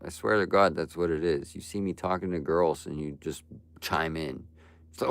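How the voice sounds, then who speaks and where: Young male streamer, very deep and gravelly, profane ranting at chat. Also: steady tone, normal speed, no room sound. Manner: ranting, blunt and profane, frequent "bro" and "like". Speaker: livestreamer. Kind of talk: live stream talk to chat.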